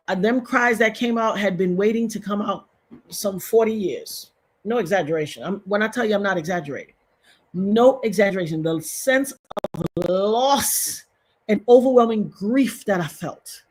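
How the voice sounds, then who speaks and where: A husky, breathy woman in her fifties tells a personal story on her livestream. She speaks to her viewers directly, circles back and repeats herself, and grows emotional as she goes. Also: medium pitch, normal speed. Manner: emotional, repetitive, talks straight to viewers. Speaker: livestream host.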